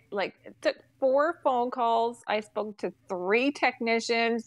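A woman telling a comedic rant in a casual, exasperated way, swearing often and laughing between sentences. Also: mid-range voice. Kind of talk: comedic ranting storytelling.

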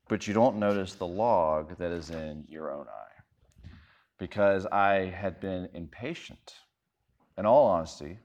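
A man in his thirties, a pastor preaching a sermon in a conversational, self-deprecating storytelling way. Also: lowish voice.

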